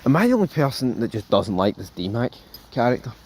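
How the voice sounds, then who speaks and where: A man hosting a casual TV review, rambling and animated, swearing freely and calling viewers folks. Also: medium pitch, fairly quick. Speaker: show host, TV reviewer.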